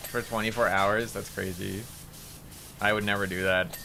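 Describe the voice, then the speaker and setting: A man chatting casually on a gaming livestream, profane and excitable, jumping into high-pitched outbursts. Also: moderate pace, gravelly, slight background noise. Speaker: VTuber streamer.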